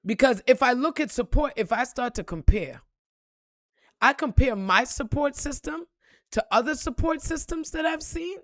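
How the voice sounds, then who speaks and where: Brief: woman, spiritual vlogger, swears freely, loud bursts then quiet reflection, dry close sound. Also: animated, normal speed, dry recording. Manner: blunt, profane, emphatic with repeated phrases; swings between loud outbursts and low reflective tones. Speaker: spiritual reader and motivational vlogger. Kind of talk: motivational monologue.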